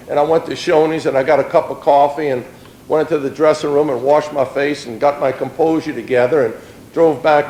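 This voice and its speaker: A man's voice: on the high side, a little mellow, echoey room, low-quality recording. A middle-aged man, giving a plain-spoken personal testimony in an earnest storytelling way.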